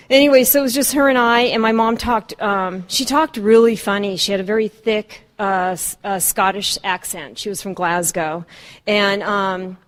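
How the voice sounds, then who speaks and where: A woman in her fifties from Southern California, sharing her life story as a speaker at a recovery meeting. Her voice sits a little high, and she pauses often on ums and restarts. She keeps a wry, self-mocking humor running throughout. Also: fairly bright tone. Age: 50s. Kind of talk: personal storytelling talk.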